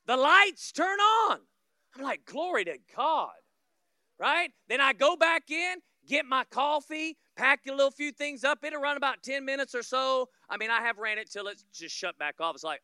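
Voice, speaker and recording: A Florida man preaches as a guest pastor, telling stories, acting out scenes, building to loud peaks, and tossing humorous asides to the congregation. His very high-pitched, expressive voice moves at normal speed, recorded at studio quality with no room sound.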